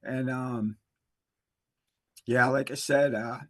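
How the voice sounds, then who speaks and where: A man telling his recovery story in a halting, emotional way, full of fillers and restarts. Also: mid-range voice, steady tone, no echo. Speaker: interview guest, recovery specialist. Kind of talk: emotional personal testimony.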